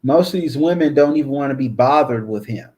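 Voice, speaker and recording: A man's voice: medium pitch, a little fast, a little mellow. A man hosting his own channel, ranting in a blunt, profane, repetitive way. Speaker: channel host. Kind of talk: casual ranting commentary.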